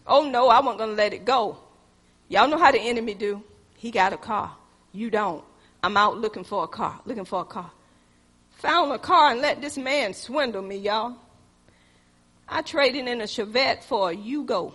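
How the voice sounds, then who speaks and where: High, bright-voiced woman preaching in a hall. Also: moderate pace, breathy edge. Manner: animated, swings from loud exhortation to hushed storytelling; addresses the congregation as "y'all". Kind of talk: sermon with personal storytelling.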